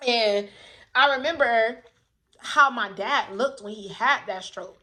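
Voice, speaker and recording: A woman's voice: fairly high pitch, slow pace, sharp tone. A woman candidly telling a personal story to camera in a casual, emphatic way, often repeating herself for weight. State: coughing. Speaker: vlogger telling her own story.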